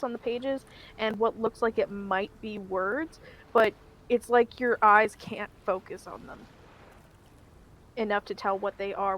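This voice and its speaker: A woman's voice: medium pitch, fairly bright tone, a little hiss or hum. A woman running a tabletop game as game master. She narrates in a rambling way, with lots of ums and restarts.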